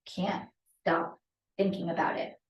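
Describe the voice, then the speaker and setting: A woman's voice: fairly low pitch, flat delivery, unhurried, lo-fi sound, pitched below the performer's own voice, close to an everyday voice. An overwhelmed, fretful child, as a woman puts on the voice complains that a shirt tag won't stop bothering them. The voice stays close to an everyday speaking voice. It sounds roomy and set back from the mic. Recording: roomy, from a distance.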